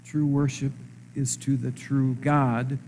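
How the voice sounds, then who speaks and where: A man preaching a sermon in a conversational way, asking his listeners rhetorical questions and stressing words slowly. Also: mid-range voice, flat delivery, a little mellow, slight background noise. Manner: slow, emphatic phrasing.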